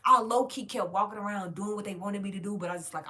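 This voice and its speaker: A woman's voice: medium pitch, fast talker, few pauses. Profane woman ranting a story to viewers. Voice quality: frank, profane, animated storytelling. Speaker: vlogger telling a story.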